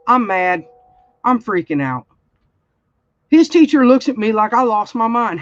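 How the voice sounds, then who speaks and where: A woman's voice: medium pitch, animated, moderate pace, no room sound. A woman, telling a story in a blunt, heated way during a casual livestream chat. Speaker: crafting channel host. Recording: dull, slightly lo-fi sound.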